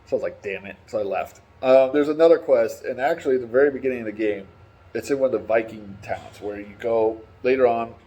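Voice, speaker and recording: A husky man at a middle pitch rambles through a casual opinion chat, swearing freely and getting worked up. His talk is loose and full of restarts. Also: quick pace. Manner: excitable, profane, rambling. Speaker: gaming vlogger.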